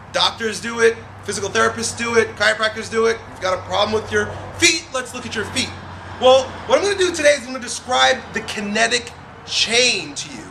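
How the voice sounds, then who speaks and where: A young man with a Long Island accent, a strength coach hosting his own show and answering a viewer's question in an energetic, streetwise, talkative way. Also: extremely high pitch, gravelly, a little hiss or hum.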